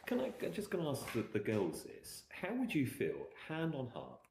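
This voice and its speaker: A man's voice: medium pitch, huge pitch swings, normal speed, vocal fry, darkish tone. A man hosting a casual chat, plain-spoken and laughing often. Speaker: show host. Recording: echoey room with faint noise.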